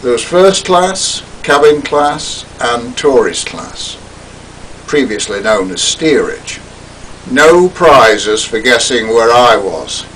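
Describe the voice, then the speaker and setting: An older man giving a talk, recounting a personal story in a theatrical, wry way that drops to hushed asides. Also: mid-range voice, very animated, takes it slowly, distant mic, slight background noise, low-quality recording.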